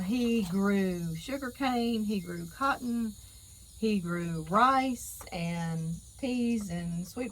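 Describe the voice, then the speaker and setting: Poor audio with a bit of hiss or hum carries a medium-pitched woman's voice. She's a middle-aged Louisiana cooking channel host with a Southern drawl, chatting folksily to her viewers and calling them y'all from an outdoor canning kitchen porch.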